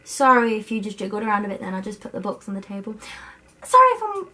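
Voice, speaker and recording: A woman's voice: medium pitch, fairly even intonation, racing, sharp tone. A young woman vlogging about books to her camera at her student home, bubbly and overexcited. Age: young adult. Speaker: book vlogger. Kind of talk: casual chat to camera. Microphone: camera set up by herself.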